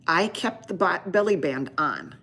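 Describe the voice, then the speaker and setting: A woman's voice: lowish voice, big pitch swings, measured pace, vocal fry, a bit bright, husky. A woman doctor hosting a live Q&A stream, chatting casually with viewers and telling a rambling story full of restarts.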